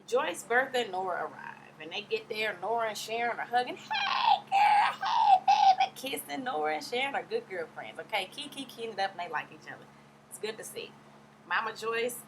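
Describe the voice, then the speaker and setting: A woman giving a fast, sassy, casual recap and acting out quotes in different voices. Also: on the low side, a bit bright, a little hiss or hum. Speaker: recap vlogger.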